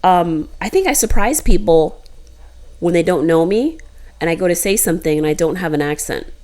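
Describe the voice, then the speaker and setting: A woman with a lowish voice chatting casually as a co-host. She tells stories in animated bursts, jumping her voice up when she quotes other people. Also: normal speed. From United States. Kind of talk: casual chat.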